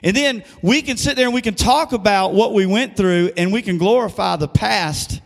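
A man's voice: sits high, normal speed, vocal fry, long reverb tail. A man preaching a sermon as pastor, conversational and asking the congregation questions. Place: church sanctuary.

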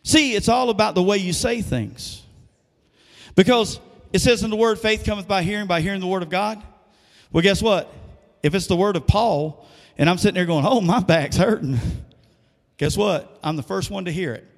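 A male pastor delivers a sermon in a church sanctuary, talking conversationally and tossing questions out to his congregation. His voice sits a little high for a man, and a long reverb hangs around it in the big room. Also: moderate pace, creaky. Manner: conversational preaching with call-and-response questions.

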